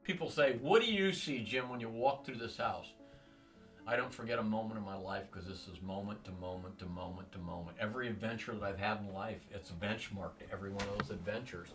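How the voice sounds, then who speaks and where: A man's voice: on the low side, a little fast, distant mic, faint music behind. Rambling storyteller man in his sixties. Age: 60s. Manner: animated, acts out quoted voices. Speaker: interviewee.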